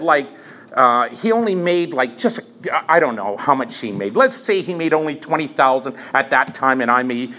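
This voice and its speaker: A man in his fifties telling his own recovery story from the front of a meeting room, candid and halting, often restarting and repeating phrases. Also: sits high, pushed and bright. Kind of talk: personal testimony at a recovery meeting.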